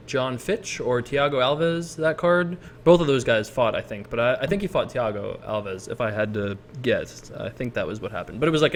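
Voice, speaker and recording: Young man, mid-pitch, chatty vlog host, loose rambling storyteller, laughs at himself. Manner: rambling, self-amused, frequent restarts and laughs. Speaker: poker video creator. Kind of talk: casual storytelling vlog commentary.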